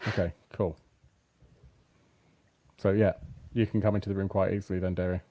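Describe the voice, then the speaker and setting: A man running a tabletop role-playing game as game master, relaxed and hesitant with many fillers. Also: deep voice, normal speed. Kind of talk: running a tabletop game over a live stream.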